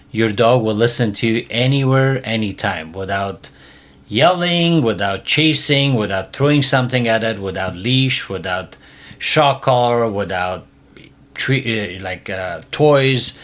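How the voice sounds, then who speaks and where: A man hosting a casual podcast and giving dog training advice, emphatic and repetitive, often dropping his voice low and quiet. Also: animated, moderate pace.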